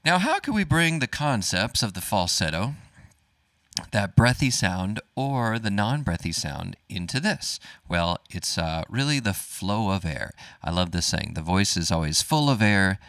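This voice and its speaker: A man teaching a live-streamed vocal warm-up, encouraging and relaxed, demonstrating sung vowels between explanations. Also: fairly low pitch, a little slow, no room sound. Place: home studio, dogs nearby.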